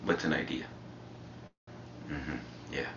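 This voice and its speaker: A man with an Indian English accent talks in a very deep, gravelly voice, rambling along in a relaxed, profane way. He is picked up by a fixed camera mic in a shared house. The sound is muffled and roomy, with clear noise underneath. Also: measured pace. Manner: laid-back, profane, rambling. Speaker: reality show contestant. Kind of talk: casual chat.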